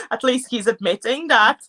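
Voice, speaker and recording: A Latvian-born woman with Latvian as her first language, co-hosting a casual, playful chat while doing her makeup at home. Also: mid-range voice. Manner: animated, playful, laughs at herself. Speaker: co-host.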